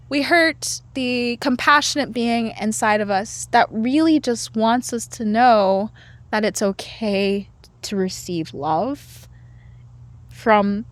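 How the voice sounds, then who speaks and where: A woman appears as a guest on a casual interview podcast; she lectures on herbal medicine. Her voice is a little high and fairly bright, she takes things slowly, and there's no echo. She's playful, laughs often, and acts out her inner voices.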